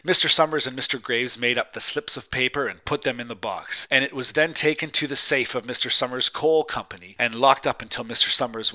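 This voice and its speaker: Male narrator, bright voice, measured expressive story reading, audiobook. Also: mid-range voice. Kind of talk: scripted narration.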